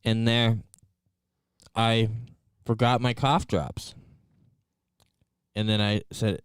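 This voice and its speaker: A man's voice: fairly low pitch, little pitch movement, slow, clean tone, no echo, studio quality. A man co-hosting a casual live-stream chat, telling a story with lots of fillers, restarts and laughs. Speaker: co-host. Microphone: desk mic, headphones.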